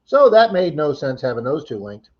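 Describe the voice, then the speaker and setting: Very animated and fairly high-pitched, a man hosts a laid-back livestream chat, reading comments, laughing easily and naming and thanking his viewers. His pace is moderate; the recording is muffled.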